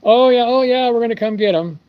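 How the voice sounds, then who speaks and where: A man's voice: extremely high pitch, fairly quick, smooth, dull audio, voice pushed up. A man putting on the voice of an evasive, cheery male customer who keeps dodging pickup. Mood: breezy.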